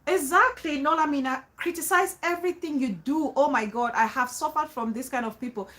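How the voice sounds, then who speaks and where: A woman's voice: high voice, a little fast, fairly bright tone. A woman talking to her viewers, emphatic and repetitive, often restarting phrases and urging them to trust her. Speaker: vlogger giving advice. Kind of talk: casual talk to viewers.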